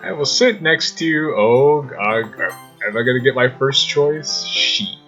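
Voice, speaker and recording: A man playing a story game, reading its text aloud and reacting with excited exclamations and frequent laughs. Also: mid-range voice, slow, highs cut off, faint music behind. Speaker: gaming YouTuber.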